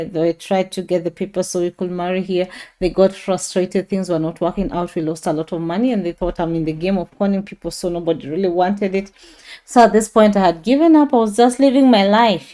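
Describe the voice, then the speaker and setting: Mellow-voiced woman telling her story. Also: mid-range voice. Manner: rambling, many fillers and self-corrections. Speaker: testimony speaker. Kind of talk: personal testimony, casual storytelling.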